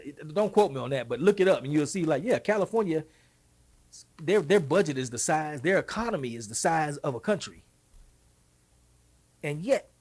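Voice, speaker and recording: A middle-aged man with a Texan accent, talking off the cuff as a show host. His voice is husky and sits a little high for a man. He talks in an animated, folksy way, with quick asides. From Texas. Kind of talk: casual monologue.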